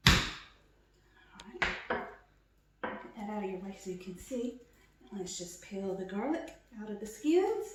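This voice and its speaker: A woman's voice: mid-range voice, big pitch swings, a little slow, long pauses, very echoey, recorded from a distance, background noise. A woman giving a casual cooking demonstration in her home kitchen, chatty and self-mocking, laughing often. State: teary from chopping onions.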